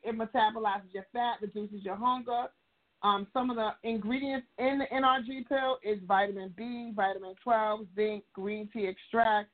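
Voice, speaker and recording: Female host, casual chatty delivery that restarts often; higher voice over a phone-like line. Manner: rambling, warm shout-outs, self-correcting. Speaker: show host and author. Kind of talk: casual online show talk.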